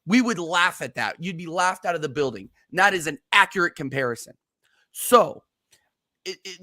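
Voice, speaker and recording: A man's voice: a little high, pushed and bright, no echo. Ranting man on a dry podcast mic. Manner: heated, ranting, repeats words when worked up. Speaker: co-host of a football podcast. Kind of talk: casual chat.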